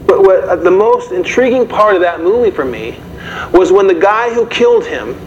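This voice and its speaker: A man delivers a sermon to a congregation in a loose, conversational manner and keeps turning to the audience with questions. His voice sits a little high. The recording is somewhat muffled, with a faint hiss underneath. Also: lively intonation, moderate pace. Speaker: preacher. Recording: dull, slightly noisy recording.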